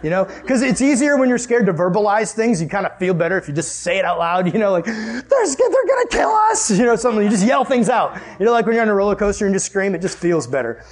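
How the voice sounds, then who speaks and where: A young man leading a youth group, telling a story in a chatty, animated way and laughing often before moving into Bible study. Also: sits high, quick pace, few pauses.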